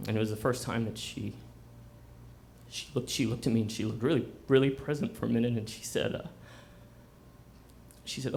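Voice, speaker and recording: A man's voice: mid-range voice, fairly even intonation, normal speed, vocal fry, long pauses, darkish tone, a little hiss or hum. Man telling a self-mocking story live. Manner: conversational and self-mocking, breaks into laughter. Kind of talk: live first-person storytelling. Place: bookstore event before a live audience.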